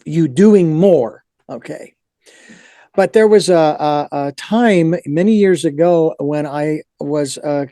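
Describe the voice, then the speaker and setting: Mellow, meandering male podcast host. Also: a little high, dry recording, clean studio sound. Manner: meandering, reflective, with restarts. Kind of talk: reflective interview talk.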